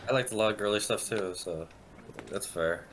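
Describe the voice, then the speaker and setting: Laid-back low-voiced man. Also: normal speed, a bit bright. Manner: laid-back, short reactions and remarks. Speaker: podcast co-host. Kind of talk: casual chat.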